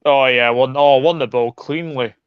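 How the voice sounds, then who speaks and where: Smooth-voiced man on a dull, dry line. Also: mid-range voice, normal speed, no echo. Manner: chatty, jokey asides. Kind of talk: casual live match commentary.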